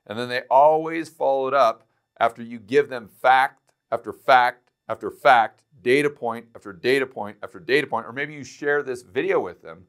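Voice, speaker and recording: Male finance video host, mid pitch, sarcastic and punchy, hammering points through repetition. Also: moderate pace, clean tone. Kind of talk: direct-to-camera economic commentary.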